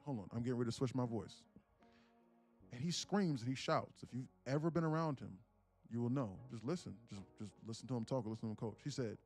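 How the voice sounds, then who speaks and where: A man's voice: medium pitch, faint music behind. A young man hosting a livestream who tells a story casually, with lots of swearing and animation. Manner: profane, animated, fast. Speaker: day-trading livestream host.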